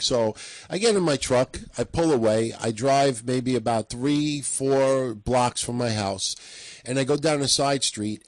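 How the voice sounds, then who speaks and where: A man co-hosting a talk show, telling a profane, heated story and acting out a shouting match. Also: medium pitch, no room sound, poor audio. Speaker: podcast co-host.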